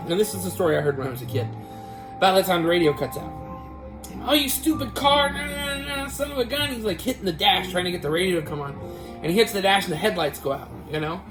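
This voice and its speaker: A man's voice: high-pitched, rapid-fire, rough recording. A man hosting a casual vlog, telling a family story in a rambling way with many restarts. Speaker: vlog host. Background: guitar music.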